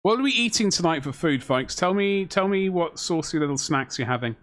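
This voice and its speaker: A man's voice: a little high, animated, brisk, a bit bright. Chatty man on a hobby stream. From Britain. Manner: chatty, reads viewers' chat aloud and answers it with jokes. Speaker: live stream host. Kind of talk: casual live-stream chat while building a miniature.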